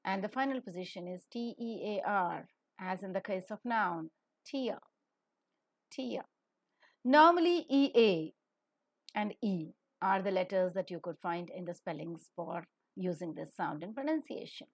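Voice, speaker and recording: A woman gives a slow, measured pronunciation lesson. She spells each word out letter by letter before saying it carefully. Her voice sits at an ordinary middle pitch. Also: lively intonation. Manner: spells words letter by letter, then says them carefully. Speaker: pronunciation teacher. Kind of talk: scripted phonetics lesson.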